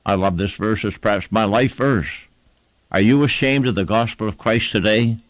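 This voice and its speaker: A man's voice: fairly low pitch, moderate pace, no room sound. A man preaching a sermon with emphatic, rhythmic repetition and an old-fashioned preaching cadence.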